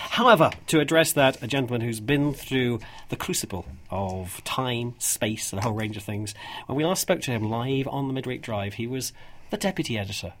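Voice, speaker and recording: A man's voice: mid-range voice, a bit bright. A man hosting a radio show, chatty and jokey, who rambles and laughs often. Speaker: radio host.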